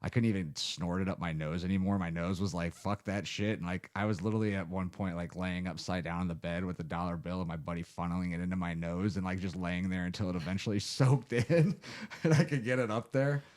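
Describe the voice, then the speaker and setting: He speaks fairly quickly with few pauses, his low voice steady and darkish in tone. A thirtysomething podcast host from Ohio, he chats casually, rambling through stories and swearing heavily.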